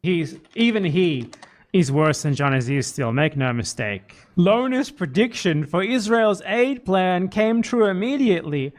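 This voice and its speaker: A man's voice: high-pitched, expressive, unhurried, pitched above the performer's own voice. A man reading a chat comment aloud in a put-on, sing-song mocking voice.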